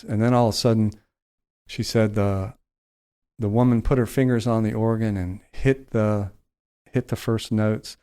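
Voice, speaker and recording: A man telling a heartfelt story on a podcast, slowing and softening his voice at its emotional points. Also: on the low side, steady tone, smooth. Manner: slows down and softens for emotional moments.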